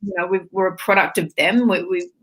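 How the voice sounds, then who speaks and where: A middle-aged woman, a spiritual teacher, telling her story in a casual interview with candid, expressive talk and the odd swear word. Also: fairly low pitch, a little fast.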